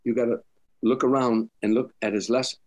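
An older comedian telling stories in an interview, animated, acting out quotes, with frequent stammers and restarts. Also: male voice, mid-range voice, normal speed. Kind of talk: storytelling interview.

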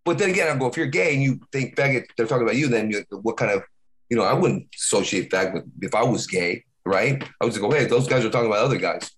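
A middle-aged man co-hosting a podcast, telling stories in casual chat with many restarts and halting repeats. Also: mid-range voice, expressive, a bit bright. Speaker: podcast co-host.

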